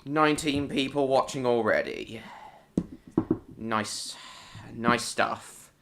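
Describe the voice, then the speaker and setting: A man's voice: medium pitch, slow, vocal fry, noisy background. A British man hosting a casual live stream, greeting viewers by name and answering chat comments in short, broken phrases.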